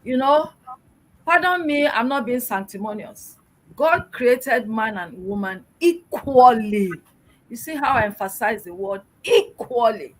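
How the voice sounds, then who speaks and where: A middle-aged woman from Nigeria speaks as a guest in an interview. Her voice sits a little high, and she talks in an emphatic, exhorting way, often turning to rhetorical questions. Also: expressive, normal speed, a bit bright, low-quality recording. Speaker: guest, public relations expert. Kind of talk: interview answers, motivational.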